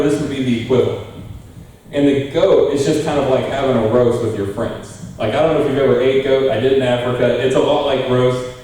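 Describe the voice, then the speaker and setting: A man's voice: mid-range voice, warm tone. Young man preaching in an echoey church. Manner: conversational, asks the congregation questions. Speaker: pastor. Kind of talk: sermon. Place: church sanctuary. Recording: very echoey room, far from mic.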